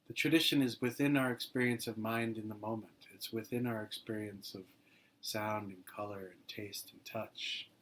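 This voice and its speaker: A man's voice: lowish voice, fairly even intonation, moderate pace, fairly bright tone, slight background noise. A man giving an informal dharma talk as a meditation teacher, speaking loosely with many "you know"s and "like"s and laughing easily between phrases.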